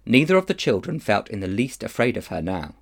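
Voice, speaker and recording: A man reading a children's novel aloud in an expressive storytelling manner. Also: on the low side, a little fast, creaky. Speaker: children's book reader.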